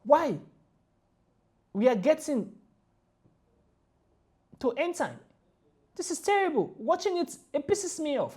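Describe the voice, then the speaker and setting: A woman ranting through a reaction video, emphatic and indignant, repeating her points forcefully. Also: sits high, big pitch swings, takes it slowly, long pauses.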